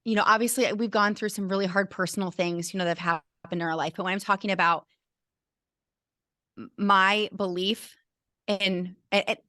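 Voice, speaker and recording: A woman's voice: mid-range voice, fairly even intonation, normal speed, pushed and bright, no echo. Woman, middle-aged, heartfelt storytelling, frequent restarts, dry close sound. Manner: earnest, emotional, with many restarts. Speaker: guest, teacher and burnout coach. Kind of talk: candid personal storytelling.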